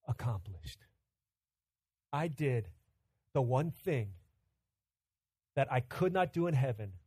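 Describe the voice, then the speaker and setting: A man in his thirties preaching a sermon, telling stories conversationally and swinging from loud urgent bursts to hushed quiet. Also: mid-range voice, husky, no echo. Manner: storytelling, conversational. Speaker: pastor.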